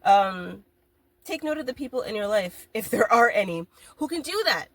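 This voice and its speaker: A woman hosting a casual podcast, speaking candidly in an animated storytelling manner. She laughs often and swears freely. Her pitch sits in an ordinary middle range for a woman. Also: moderate pace, no room sound. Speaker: podcast host.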